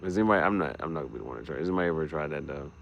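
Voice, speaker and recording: A man vlogging late at night, thinking out loud and trailing off into mutters and restarts. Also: rumbling low, lively intonation, racing, creaky, a little hiss or hum. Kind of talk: late-night rambling vlog.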